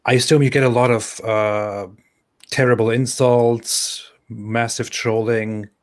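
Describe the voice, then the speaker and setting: A man with a mid-range voice hosts a casual live-stream discussion. He talks haltingly, restarting his sentences and filling the gaps with "uh.". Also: mid-range voice, flat delivery. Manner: halting, many restarts and fillers.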